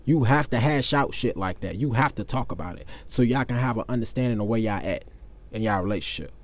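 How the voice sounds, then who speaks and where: A man's voice: medium pitch, a little fast. A young man telling a personal story to his viewers in a candid, profane, conversational way. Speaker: vlogger. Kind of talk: casual storytelling.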